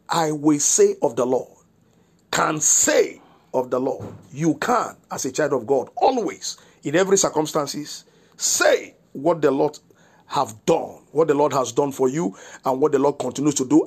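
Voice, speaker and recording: Husky pastor, slow and deliberate. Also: male voice, a little high, a little mellow. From Nigeria. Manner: slow, deliberate declarations with repeated rhetorical questions. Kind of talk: devotional broadcast sermon.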